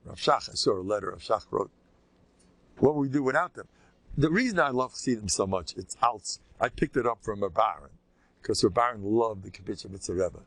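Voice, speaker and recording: An older man, a rabbi, giving an informal, animated Torah lecture with a conversational, joking delivery. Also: fairly quick, no echo. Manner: animated and conversational, swinging pitch, jokes with listeners. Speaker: rabbi teaching a class.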